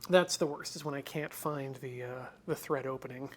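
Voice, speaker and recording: A man's voice: medium pitch, normal speed, background noise. A man hosting a stream, chatting casually and jokingly as he works through a hardware repair. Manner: rambling, joking, drops to mutters while concentrating. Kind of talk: casual chat while working.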